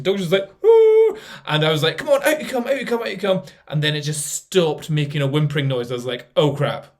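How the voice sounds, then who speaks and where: A man casually commenting on a video, chatty and laughing now and then, with lots of fillers. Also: a little high. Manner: chatty, laughs at what he sees, trails off with fillers.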